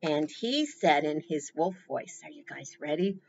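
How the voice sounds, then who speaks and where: A woman presenting a library storytime, reading slowly and encouraging the children warmly as she leads them. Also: deep voice, dull audio. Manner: encouraging, slow, animated.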